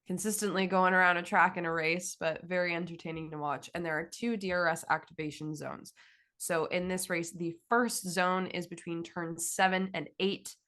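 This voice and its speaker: A woman's voice: lowish voice, fairly bright tone. A woman from Canada co-hosting a podcast, chatting in an upbeat way and reading out facts. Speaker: podcast co-host. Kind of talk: casual chat.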